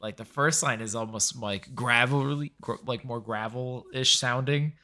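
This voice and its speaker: A man's voice: mid-range voice, fairly even intonation, measured pace, pushed and bright. A man co-hosting a casual film review podcast, chatty and enthusiastic. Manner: enthusiastic, chatty, agreeing often. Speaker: podcast co-host.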